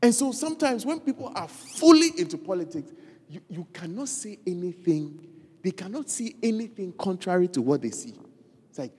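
A preacher giving an animated sermon, repeating key phrases for emphasis and acting out quoted voices. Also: mid-range voice, normal speed, husky. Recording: reverberant hall.

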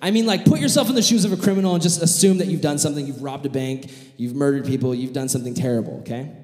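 Animated male preacher in an echoey hall. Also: a little high, racing. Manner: animated storytelling, acting out voices. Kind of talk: sermon with acted-out story. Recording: echoey hall with long reverb.

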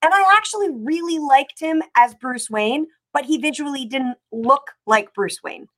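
Woman, co-host, casual chat, rambling, animated, fairly high voice. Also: normal speed. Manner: rambling, animated, many fillers. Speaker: podcast co-host.

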